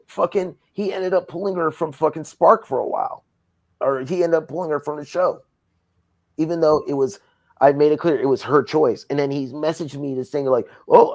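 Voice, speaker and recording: A man from Southern California rants with heat and plenty of swearing, speaking in a mid-range voice. The sound is close and dry, with no room echo at all. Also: mid-range voice. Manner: profane, heated ranting. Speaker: wrestling promoter. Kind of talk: casual interview.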